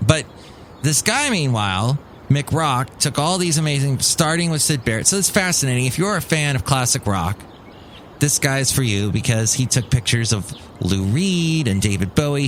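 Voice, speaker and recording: A man's voice: medium pitch, slight background noise. A man hosting his podcast, rambling in a cranky, casual monologue. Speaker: podcast host.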